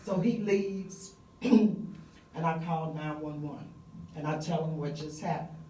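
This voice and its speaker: A middle-aged woman telling a personal story live on stage, vivid and conversational with frequent pauses and fillers. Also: deep voice, level tone, dark tone, roomy sound, distant mic, low-quality recording.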